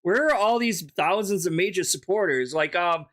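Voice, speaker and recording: A man's voice: high-pitched, lively intonation, moderate pace, fairly bright tone. A man streaming a reaction to a video, talking casually, bluntly and mockingly, swearing often.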